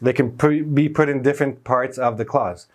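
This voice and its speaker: Man, grammar teacher, whiteboard lesson, middle pitch, explains step by step, stresses key words, self-corrects. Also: steady tone, moderate pace.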